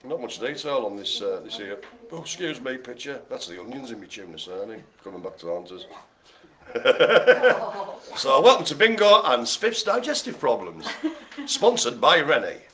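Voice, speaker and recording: A man's voice: medium pitch, very animated, normal speed, pushed and bright. A man hosting a live bingo game, calling out numbers and rambling through jokey asides. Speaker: bingo host.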